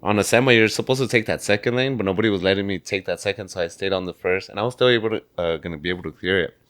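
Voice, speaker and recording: A laid-back man with an El Paso Texan accent recounts a crash from behind the wheel of his semi. His voice sits a little low, and his relaxed talk is peppered with bro. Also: very fast. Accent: El Paso Texan English. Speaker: truck driver guest. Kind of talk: casual storytelling chat.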